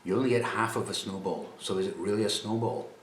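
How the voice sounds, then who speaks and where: A Scottish vlogger tastes snacks on camera and chats about them in a dry, casual way. He talks fast in a lowish voice, and the recording is reverberant with slight background noise.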